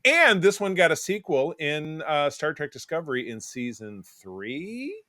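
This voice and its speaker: A man's voice: fairly high pitch, sing-song, measured pace, bright, forceful tone, no echo, studio quality. A man in his forties co-hosting a podcast in casual chat, rambling and digressive with many restarts. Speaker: podcast co-host.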